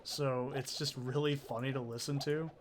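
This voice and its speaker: While playing a video game, a man chats casually, rambling from topic to topic and swearing freely as a let's play host. His medium-pitched voice has fairly even intonation at a normal speed, with slight background noise.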